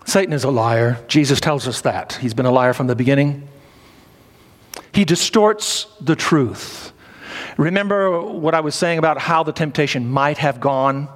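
A man preaching a sermon in an emphatic style, repeating phrases and prompting his listeners for responses. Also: medium pitch. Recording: long reverb of a large hall.

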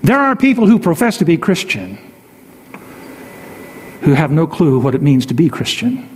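A man with a high voice preaches a sermon with strong emphasis, stressing and repeating his key phrases. His voice climbs high and sinks low as he drives each point home. A long reverb trails behind his words, as in a large hall. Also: very animated, normal speed, a little hiss or hum. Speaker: pastor.

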